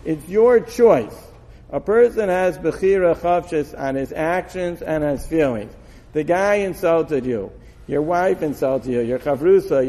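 Man, Torah lecture, lively pitch, echoing hall. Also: creaky. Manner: animated, acts out dialogue, laughs often. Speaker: Torah teacher. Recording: long hall reverb.

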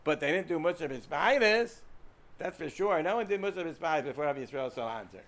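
A man's voice: on the high side, expressive, fairly quick, fairly bright tone. A man with an American accent giving an informal Torah lecture to students, rambling, repeating words and asking the class questions. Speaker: Torah teacher.

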